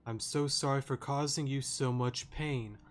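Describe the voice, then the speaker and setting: A man's voice: medium pitch, fairly even intonation, a little slow, close to an everyday voice. A man reading as a shaken young man. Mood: emotional. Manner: earnest reading aloud.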